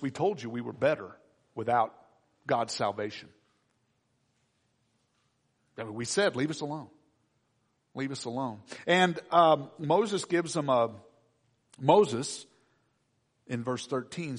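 A male preacher with a fairly high voice delivers a sermon with animation. He slips into the complaining voices of the people in the story and then steps back out to make his point. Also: fairly bright tone.

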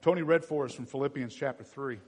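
A man preaching a sermon to his church, animated and acting out the voices of everyday people. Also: medium pitch, fast talker. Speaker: pastor. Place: church sanctuary. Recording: long reverb in a church hall.

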